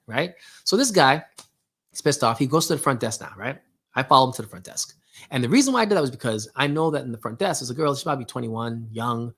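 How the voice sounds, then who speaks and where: A man's voice: medium pitch, a bit bright. A man hosting a casual motivational talk, speaking preachily, firing rhetorical questions and addressing listeners directly. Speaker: host.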